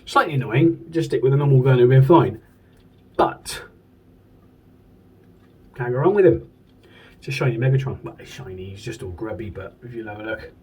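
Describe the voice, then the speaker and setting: A man's voice: mid-range voice, normal speed, long pauses, dark tone, slightly rough, recorded from a distance, poor audio. A man from the UK, chatting casually and enthusiastically as a toy collector and swearing now and then. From United Kingdom. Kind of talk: casual chat. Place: home room.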